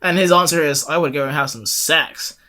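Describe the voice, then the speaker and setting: Young male podcast co-host, bright upbeat tone, joking casual recap. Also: a little high, a little fast. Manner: joking recap full of acted quotes and laughs. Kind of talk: casual chat.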